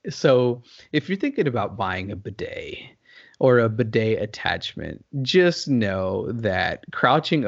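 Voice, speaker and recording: A man telling a story in casual chat, laughing often and shouting out his own quoted reactions. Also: lowish voice, creaky, muffled recording. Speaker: podcast co-host.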